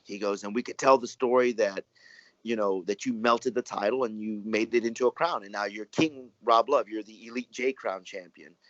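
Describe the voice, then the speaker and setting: Man, low voice, rambling storyteller, dry muffled audio. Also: normal speed, no room sound. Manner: rambling, animated, acts out quoted dialogue. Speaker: professional wrestler and guest. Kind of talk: casual storytelling interview.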